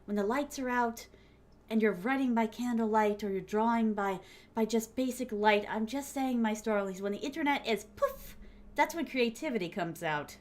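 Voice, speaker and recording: A woman's voice: fairly high pitch, normal speed, a little mellow. A young adult woman from Florida, chatting playfully with viewers on a stream and laughing often. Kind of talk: casual chat with viewers.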